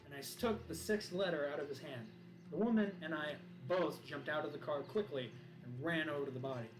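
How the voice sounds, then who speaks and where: A male streamer telling a dramatic story in an animated way. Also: on the high side, fairly quick, echoey room, rough recording. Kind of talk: improvised spoken storytelling. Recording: voice over loud background music.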